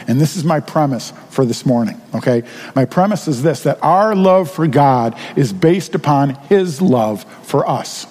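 A pastor preaching a sermon in an earnest, conversational way, asking rhetorical questions of the congregation. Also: male voice, on the high side, dark tone, in a large hall.

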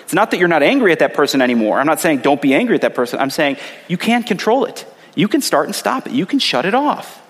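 Man, pastor, sermon, conversational, repeats phrases, high pitch, long hall reverb. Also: big pitch swings, fast talker, hardly any pauses, fairly bright tone, slightly rough. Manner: earnest, conversational, repeats short phrases for emphasis.

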